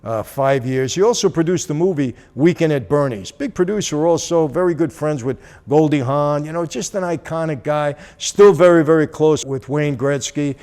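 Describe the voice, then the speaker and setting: A man casually telling a personal story, animated and acting out the dialogue as he goes. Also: on the high side, normal speed, hardly any pauses. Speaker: channel host.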